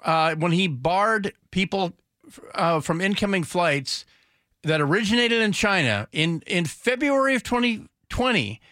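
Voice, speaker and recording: A man's voice: sits high, animated, a little slow, pushed and bright, no echo. A man hosting a talk radio show, rambling commentary with sarcastic, mocking asides into a studio microphone.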